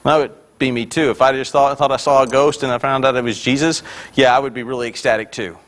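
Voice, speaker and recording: A male pastor preaching a sermon with energy, swelling loud on key points and dropping in joking asides to the congregation. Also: mid-range voice, steady tone, fast talker.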